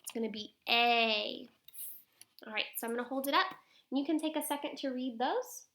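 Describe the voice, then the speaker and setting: A woman teaching a phonics lesson to young children on video, sounding out letters slowly and asking coaxing questions. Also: high voice, fairly bright tone. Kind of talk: early-grade phonics lesson to camera.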